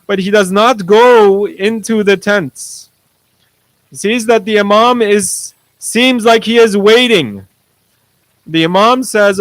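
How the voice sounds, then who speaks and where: A man's voice: high-pitched, no room sound, poor audio. A male preacher retelling a sacred story in a sermon, solemn and vivid.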